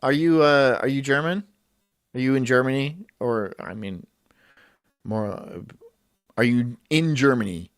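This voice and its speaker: A man's voice: medium pitch, a little slow, pauses often, dry recording, studio quality. A man hosting a live stream, rambling crudely, swearing and reading chat aloud while drinking shots.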